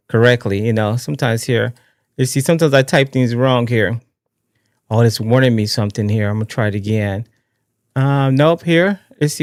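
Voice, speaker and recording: A man hosting his own live political talk stream in a casual, excitable, rambling way, often restarting his sentences. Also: medium pitch, dry recording, clean studio sound. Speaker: livestream political show host.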